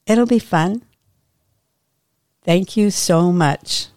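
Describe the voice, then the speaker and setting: A woman podcast host reading her own short story aloud in a calm, measured way. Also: fairly low pitch, a little hiss or hum.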